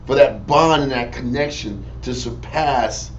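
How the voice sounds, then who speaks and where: A man's voice: mid-range voice, a little slow, highs cut off. A man leading a casual group Bible study, talking in slang and commenting on scripture readings. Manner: loud, laughing storytelling, slangy. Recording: distant mic, faint noise.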